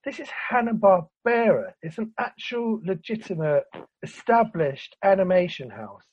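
A man's voice: high voice, animated, a little slow, breathy edge. A man ranting in casual chat, laughing and swearing as he picks apart an old cartoon film. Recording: lo-fi recording.

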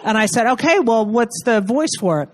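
A woman's voice: on the high side, big pitch swings, darkish tone. A woman in her thirties doing a stand-up comedy set, brash and profane, acting out the people in her story. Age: 30s. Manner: brash, profane, acts out characters in quick asides. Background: audience laughter.

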